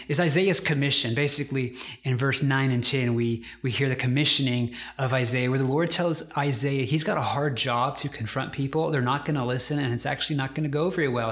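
A male pastor delivers an earnest, conversational sermon. His voice sits in a middle register, and he slows right down to weigh each quoted line. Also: mid-range voice, a bit bright. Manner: earnest, conversational preaching with slowed, emphatic quotations.

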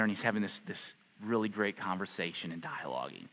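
A man preaching a sermon as pastor, passionate at the peaks and soft and low in prayer. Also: lively intonation, fast, long reverb tail. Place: church hall.

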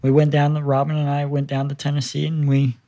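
A man's voice: fairly high pitch, monotone, quick pace, warm tone, no room sound. A man in his fifties telling his life story in a casual interview, earnest and quoting the dialogue as he goes. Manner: earnest, quotes dialogue as he tells it.

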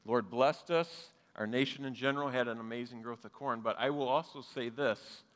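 A pastor with a medium-pitched, slightly bright voice preaches a sermon at a moderate pace in a church sanctuary, to a congregation both present and watching online. He is earnest and conversational, adding touches of humor, and a long hall reverb follows his words.

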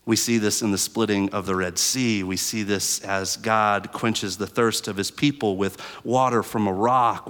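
A man delivers a sermon at an ordinary middle pitch. His voice carries a long reverb from the hall he speaks in. He teaches his listeners plainly and invites them along. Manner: animated storytelling, rising high and loud in the story. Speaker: preacher. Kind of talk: sermon with a told story. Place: church hall with students present.

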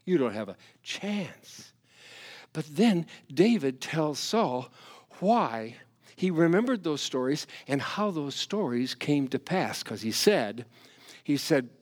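Animated, lively-voiced male preacher. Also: mid-range voice. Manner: animated preaching, swinging from loud emphasis to hushed asides. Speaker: pastor. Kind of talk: sermon.

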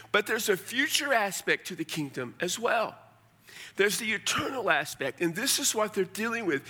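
A man's voice: sits high, sharp tone. A middle-aged man preaching a sermon as pastor, conversational and folksy with blunt asides. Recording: long hall reverb.

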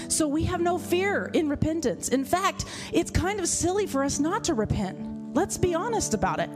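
A woman preaching a sermon to a congregation in a church, animated and laughing often. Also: extremely high pitch, moderate pace, hardly any pauses, over music. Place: church hall with live audience.

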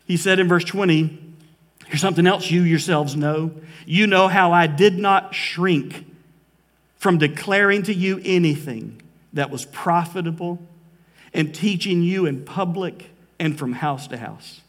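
High-voiced preacher in a reverberant church. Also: male voice, a bit bright. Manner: earnest preaching, slows for emphasis, emotional at times. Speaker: pastor. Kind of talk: sermon. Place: church sanctuary. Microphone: live preaching mic.

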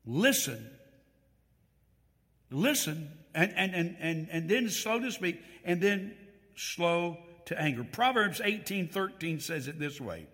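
Animated preacher in a reverberant church. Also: male voice, on the high side, takes it slowly. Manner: animated, reads scripture aloud with emphatic stress; asks the congregation questions directly. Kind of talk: sermon. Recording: long hall reverb.

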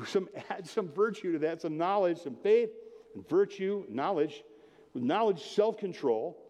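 A man's voice: high-pitched, darkish tone. A man preaching a sermon as pastor, casual and jokey, talking straight to the congregation. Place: church. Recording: long hall reverb.

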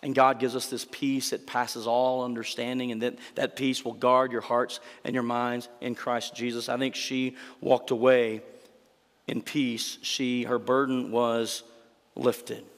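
A man's voice: medium pitch, flat delivery, a little slow, big-room sound. A male pastor preaching an earnest sermon, voicing the quoted scripture lines as he tells the story.

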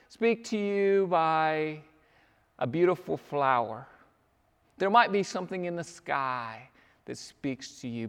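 A male pastor delivers a sermon in a notably high voice, earnest and pleading, and he acts out the voices in his stories. The sound carries the long reverb of a large hall. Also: a bit bright, clear, resonant tone. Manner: storytelling with acted quotes, earnest and pleading.

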